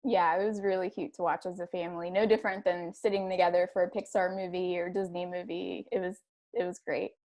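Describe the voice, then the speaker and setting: A woman's voice: lowish voice, a little fast. A woman in her thirties with a light Spanish accent, co-hosting a casual online show and telling stories in a chatty way. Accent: Latin American Spanish. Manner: chatty, laughs easily, lively storytelling. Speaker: co-host. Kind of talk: casual chat.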